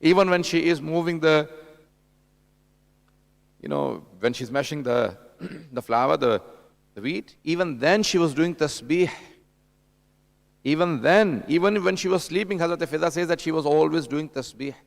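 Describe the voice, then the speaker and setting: Slightly slow and pausing often, a man with a creaky voice on the high side gives a conversational sermon at a mourning gathering. This religious lecturer addresses the audience head-on, relating anecdotes and acting out dialogue.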